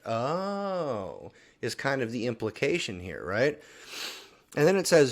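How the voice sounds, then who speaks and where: A man's voice: mid-range voice, big pitch swings, unhurried. A man hosting a daily Bible reading video, talking through the scripture casually and often checking in with a questioning "right?". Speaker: Bible reading plan host.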